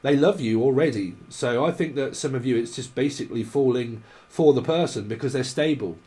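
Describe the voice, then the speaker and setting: This man delivers a casual tarot reading in a vlog. He rambles through irreverent tangents and laughs often. His voice sits in a middle pitch range. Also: brisk, warm tone. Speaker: tarot reader.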